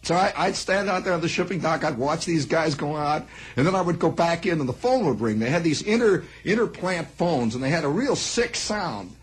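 A man telling a long personal story in a spoken monologue, rambling and animated, acting out sounds. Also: fairly high pitch, a little fast, slightly rough, poor audio.

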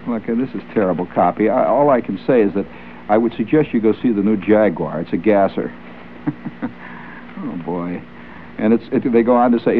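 A man's voice: lowish voice, normal speed. A male radio host ad-libbing jokey patter around the ads, with wry, chuckling asides. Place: radio studio. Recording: lo-fi old radio broadcast with faint hiss.

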